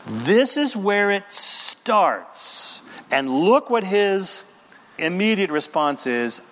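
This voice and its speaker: A man preaching an emphatic sermon, working verse by verse with quick asides. His voice sits high and swings widely in pitch. Long reverb fills the space of a church sanctuary. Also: very animated, fairly bright tone, a little hiss or hum. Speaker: pastor. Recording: reverberant hall.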